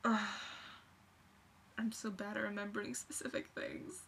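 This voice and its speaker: A woman's voice: medium pitch, little pitch movement, unhurried, gravelly, a bit bright, slight background noise. A young woman rambling in a casual vlog, gushing and scattered, full of fillers. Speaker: vlogger.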